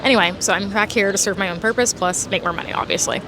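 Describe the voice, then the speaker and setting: A woman's voice: mid-range voice, quick pace, music in the background. A woman in her twenties talking to her camera in a casual vlog, chatty and stressed, with sudden emotional outbursts. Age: 20s. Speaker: YouTube vlogger.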